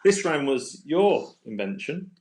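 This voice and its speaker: A man's voice: a little high, sing-song, unhurried, a little mellow. Playful man hosting a live quiz. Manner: chatty and playful, laughs often. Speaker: quiz host. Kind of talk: casual live-stream quiz chat. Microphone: phone.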